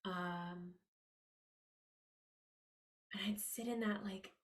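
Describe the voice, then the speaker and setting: A woman's voice: steady tone, very slow, fairly bright tone. Upbeat, emphatic woman podcast host. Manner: upbeat and emphatic, rising pitch on key words; earnest, confiding tone with listeners. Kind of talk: motivational money-mindset monologue.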